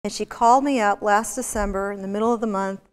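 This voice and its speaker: In a large lecture hall with long reverb, a woman delivers a university business lecture, telling stories energetically and firing rhetorical questions at the audience. Her medium-pitched voice is clear, resonant and steady, at a quick pace.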